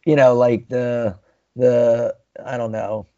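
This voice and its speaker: A man with a gravelly, creaky voice chats casually, rambling and restarting his sentences. The sound is dry and a little dull, as if recorded close on a modest mic. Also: medium pitch, level tone, slow, dark tone, dry recording. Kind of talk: casual chat.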